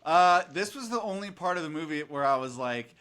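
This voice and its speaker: A man hosting a podcast, chatting casually, rambling, swearing and quick to laugh. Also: fairly high pitch, animated, a bit bright. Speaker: podcast host. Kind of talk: casual chat.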